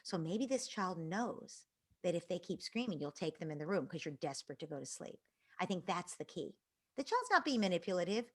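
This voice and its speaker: A woman parenting expert answering audience questions in an earnest, explanatory way, dropping to soft whispers at times. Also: fairly low pitch, sing-song, brisk, slightly rough.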